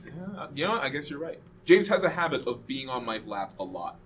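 A young man co-hosting a casual podcast, joking and teasing his friends, going from low mumbles to loud outbursts. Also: very animated, fairly quick, a little hiss or hum. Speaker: podcast co-host. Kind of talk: casual chat among friends.

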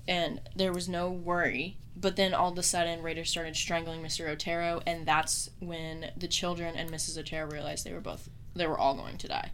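A woman's voice: fairly low pitch, fairly bright tone. Woman, podcast host, casual true-crime chat, heavy swearing, mocking tone, faint hiss behind. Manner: profane, mocking, laughs often.

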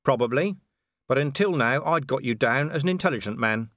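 A man's voice: mid-range voice, expressive, fairly quick, a bit bright, no room sound, lightly acted. A man voicing a weary, dry-witted middle-aged male watch commander in an audiobook, sardonic and dry.

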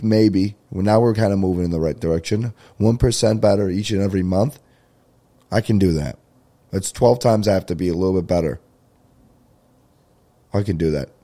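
A man's voice: fairly low pitch, mellow. A man hosting a comedy podcast, with a stuffy, congested nasal voice, rambling jokily and swearing a lot. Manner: rambling, profane, jokey. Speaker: podcast host. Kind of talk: casual comedy podcast monologue.

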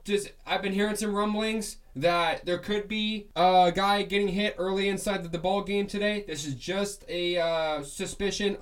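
A man hosting a solo sports podcast, ranting in a heated, fan-biased way, loose and rambling with many restarts. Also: sits high.

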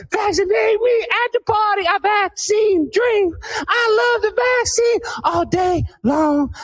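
A shrill, very high, breathless zealot who shouts rhyming chants in a frantic rush, as a man plays him for satire. The voice stays keyed up and loud, with a comic, over-the-top edge. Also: heavily acted. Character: frantic man rant-singing a vaccine chant. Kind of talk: satirical comedic performance.

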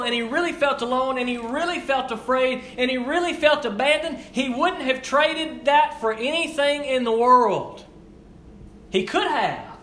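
A young man preaching a sermon, repeating his lines and swinging between hushed and raised delivery. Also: very high voice, a little hiss or hum. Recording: echoey room with faint ambience.

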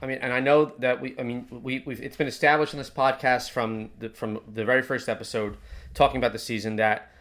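A man's voice: medium pitch, little pitch movement, fairly quick, fairly bright tone. A man co-hosting a soccer podcast, arguing his point with repeated restarts. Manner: argumentative, stammering restarts. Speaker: podcast co-host. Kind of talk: casual chat.

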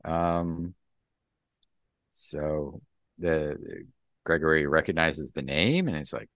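A man's voice: deep voice, a little slow, no room sound, clean studio sound. A man hosting a podcast, casually recapping a comic book and acting out its dialogue. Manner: recaps the plot and acts out the dialogue. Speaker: podcast host.

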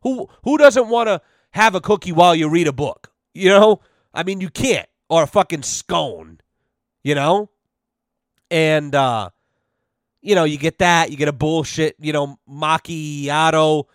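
A man's voice: on the high side, measured pace, no room sound, clean studio sound. A young man hosting a podcast, ranting in a rambling, profane, sarcastic way, filling his talk with "you know". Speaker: podcast host. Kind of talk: casual comedic rant.

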